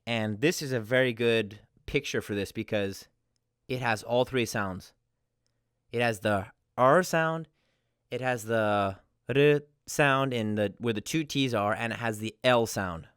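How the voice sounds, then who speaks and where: A man with a smooth, resonant voice teaches in a casual, friendly way. He explains step by step and gives examples as he goes. The sound is dry and close. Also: mid-range voice, unhurried, a bit bright, no echo. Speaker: language teacher.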